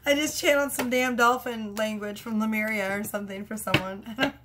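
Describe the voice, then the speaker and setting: A woman's voice: fairly high pitch, slow pace, pauses often, noisy background. A woman doing a casual tarot reading, chatty and prone to fits of laughter. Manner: giggly, chatty, laughs through her words. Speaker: tarot reader.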